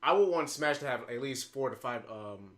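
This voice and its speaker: A man's voice: mid-range voice, expressive, normal speed, fairly bright tone. A man co-hosting a casual gaming podcast, chiming in with short, eager, sometimes profane remarks. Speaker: podcast co-host.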